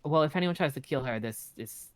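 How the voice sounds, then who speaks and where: A man's voice: a little high, fairly quick, no room sound. Blunt, profane man telling stories. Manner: blunt, profane, animated storytelling. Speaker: roleplay streamer. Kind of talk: casual in-character chat.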